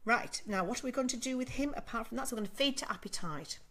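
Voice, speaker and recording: A woman's voice: fairly high pitch, expressive, fast talker, bright, forceful tone. Woman, middle-aged, sleep consultant, direct instructive advice, frequent check-ins. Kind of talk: advice Q&A talk to parents.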